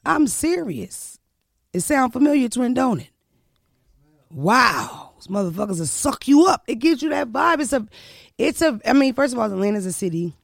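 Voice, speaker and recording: A woman comedian from Philadelphia hosting her podcast, with loud, profane, animated banter. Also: a little high, moderate pace, gravelly, no room sound, clean studio sound. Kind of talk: casual podcast chat.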